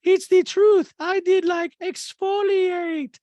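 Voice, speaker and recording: A man putting on the voice of a haughty, disgusted, dramatic grown woman, drawn-out and theatrical. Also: very high-pitched, fairly even intonation, warm tone, no room sound, lo-fi sound, pitched above the performer's own voice.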